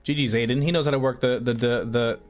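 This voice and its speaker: Over soft music, a man streams a game live and rambles casually to viewers, full of slang. He speaks quickly at a medium pitch with fairly even intonation.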